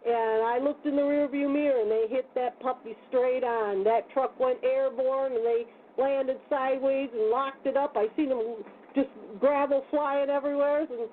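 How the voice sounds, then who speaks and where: Woman talk radio host telling a story, kinda high voice, blunt, sounds like a phone call. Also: moderate pace. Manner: animated storyteller, laughs often, rough plainspoken talk. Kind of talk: casual storytelling chat. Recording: tinny phone line with faint noise.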